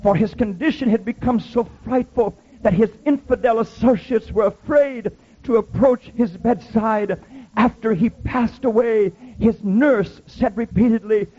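A man's voice: high-pitched, unhurried, slightly rough, dull audio. A man preaching a Pentecostal sermon, telling dramatic stories with heavy repetition.

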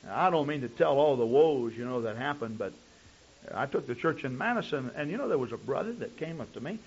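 A man's voice: medium pitch, expressive, brisk, husky. A male pastor preaching a sermon, telling stories in long chains of "and" with frequent restarts. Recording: dull lo-fi recording.

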